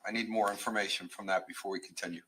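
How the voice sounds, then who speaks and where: Man, judge, quick firm directions, low crisp voice. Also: steady tone, sharp tone, a little hiss or hum. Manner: brisk, firm instructions. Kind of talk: courtroom direction.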